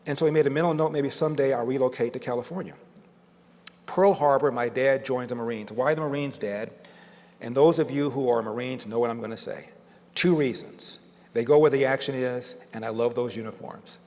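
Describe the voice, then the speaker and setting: A man's voice: medium pitch, a little fast, a little mellow. An older man giving a storytelling speech to an audience, dramatic and building emphasis through repetition. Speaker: guest speaker. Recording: long reverb of a large hall.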